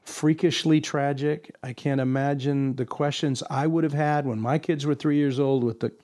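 Earnest older man, slightly high voice. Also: steady tone, darkish tone. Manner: earnest, pauses and restarts while thinking aloud. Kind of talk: reflective faith conversation.

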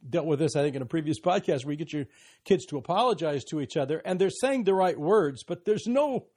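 An older man co-hosting a podcast, talking about parenting in a gentle, reflective, fatherly way. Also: on the high side, lively intonation, brisk. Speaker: podcast co-host.

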